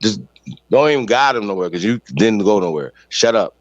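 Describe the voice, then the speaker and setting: A podcast host with a lowish voice rants briskly and with animation, giving heated, profane, blunt commentary that turns confrontational. The recording is dry, with a dull lo-fi sound.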